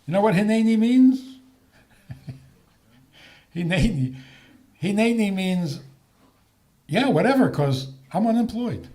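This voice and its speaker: Older male rabbi, unhurried and mellow, wry questions to the crowd. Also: high voice. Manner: animated, joking, rhetorical questions. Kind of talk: talk on faith.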